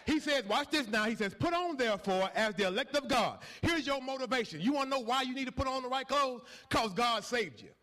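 A man preaching from the pulpit in a strikingly high, piercing voice. His delivery is ringing and forceful, full of repeated phrases and rhythmic build-ups. He drops into low, conversational asides before climbing back into shouted proclamations. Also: lively intonation, a little fast, hardly any pauses. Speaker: pastor. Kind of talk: sermon.

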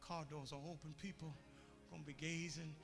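A preacher delivers a storytelling sermon that swells into loud, repetitive calls. His voice sits on the higher side and carries a gravelly fry. Music plays clearly under him. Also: flat delivery, fairly quick. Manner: storytelling that builds to shouting, repetitive cadence.

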